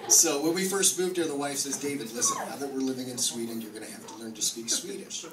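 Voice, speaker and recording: A man's voice: medium pitch, huge pitch swings, quick pace. A man with a New Jersey accent doing a brash, profane stand-up comedy set. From New Jersey, USA. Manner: brash, profane, swings into loud mock-angry bits. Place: comedy club stage. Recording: echoey club from far off with noise.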